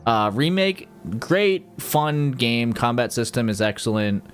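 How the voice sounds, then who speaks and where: A male streamer chatting loosely on a live stream, rambling from topic to topic with jokey asides and self-mockery. His voice sits at an ordinary middle pitch, with faint music behind him. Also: animated, unhurried. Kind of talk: casual livestream chat.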